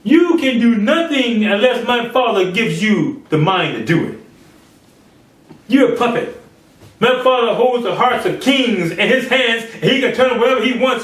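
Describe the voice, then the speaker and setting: A man's voice: very high voice, expressive, moderate pace, roomy sound, far from the mic, rough recording. A man preaching a sermon, acting out quoted speakers in changing voices. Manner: acts out biblical quotes in shifting voices.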